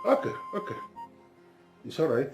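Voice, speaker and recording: A Nigerian actor playing a worried father who is searching for his missing son, with halting, questioning speech. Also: lightly acted. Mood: anxious pleading. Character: anxious middle-aged father, fretful and pleading. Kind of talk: film drama acting. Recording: film soundtrack with faint music.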